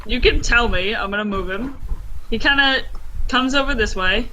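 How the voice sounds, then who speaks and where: A man's voice: very high-pitched, normal speed, background noise. A man narrating as game master of a tabletop game, loose and rambling, full of "kinda" and "like".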